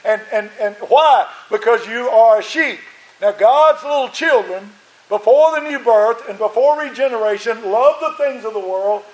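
Preaching a sermon in a church sanctuary, a male pastor speaks at a normal speed in an extremely high pitch. He repeats phrases emphatically, his voice strained, and the room is echoey.

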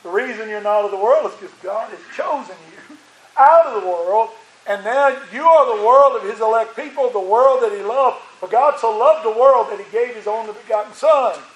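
High-voiced preacher in an echoey church. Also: male voice, normal speed. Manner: preaching with rising emphasis and repeated phrases. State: strained voice. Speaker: pastor. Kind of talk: sermon. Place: church sanctuary.

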